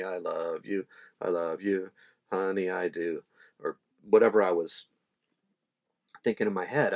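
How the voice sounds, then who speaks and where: A middle-aged man teaching ukulele in a relaxed, chatty way, with fillers and small laughs. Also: deep voice. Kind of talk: casual instructional talk. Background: ukulele playing between phrases.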